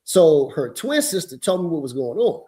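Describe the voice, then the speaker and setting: High-pitched guy hosting a podcast, animated and emphatic telling a story. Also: normal speed. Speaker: podcast host.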